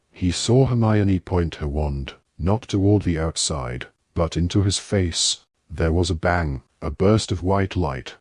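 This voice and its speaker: Deep husky male audiobook narrator. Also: darkish tone, no echo, clean studio sound. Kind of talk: scripted narration.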